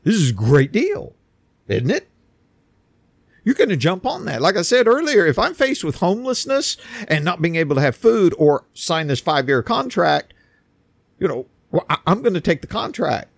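Emphatic man with a lively pitch. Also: moderate pace, gravelly, no room sound. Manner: emphatic, repeats words while building points. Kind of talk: opinion monologue.

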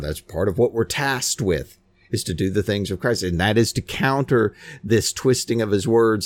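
Animated man preaching a scornful sermon. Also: medium pitch, dry recording. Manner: animated, scornful preaching with mocking quoted voices.

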